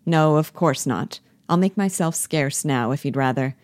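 A woman's voice: low-pitched, normal speed, a little mellow, dry recording, lightly acted. A woman reading the part of an awkward, guilty young man who keeps apologizing. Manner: apologetic, curt. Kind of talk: play reading.

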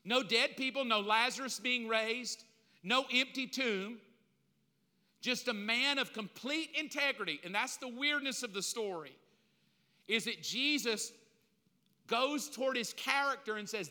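A man's voice: extremely high pitch, unhurried, sharp tone. A man preaching a sermon, emphatic and repetitive, with casual slang mixed in. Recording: long reverb of a large hall.

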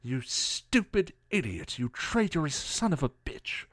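A man's voice: lowish voice, lively intonation, normal speed, darkish tone, no echo, clean studio sound, lightly acted. A man voicing a stern, scholarly older male mentor who scolds and explains himself in a story reading. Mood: furious.

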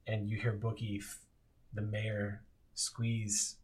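A man running a tabletop role-playing game as game master, narrating slowly and descriptively with pauses. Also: on the low side, completely flat delivery, a little mellow. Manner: slow, descriptive storytelling with pauses.

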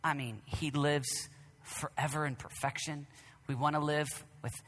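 A man preaching a sermon at a conference, emphatic and repetitive, swinging between loud declarations and hushed whispers. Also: on the high side, fairly even intonation, unhurried, long reverb tail, slight background noise. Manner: emphatic, repeats phrases.

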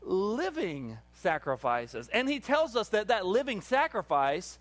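A male pastor delivering a Sunday sermon, moving from relaxed, conversational asides with fillers to fervent preaching that calls on the congregation to answer. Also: very high voice, moderate pace. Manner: preaching with rising intensity, calls for audience response.

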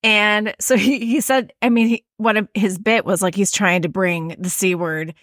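A woman's voice: medium pitch, steady tone, normal speed, a bit bright, dry recording, clean studio sound. A woman with a Midwestern American accent, co-hosting a podcast in casual, rambling chat full of fillers. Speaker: podcast co-host.

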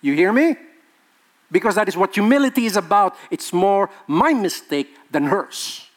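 High, lively pastor preaching. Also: male voice, moderate pace. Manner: emphatic, rhetorical questions to the congregation; jokes and laughs with the congregation. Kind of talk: sermon.

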